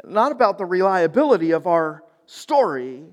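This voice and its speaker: Man, youth sermon, high voice, long church reverb. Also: sing-song, normal speed. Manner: casual, folksy, builds to emphatic preaching. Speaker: youth pastor. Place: church sanctuary.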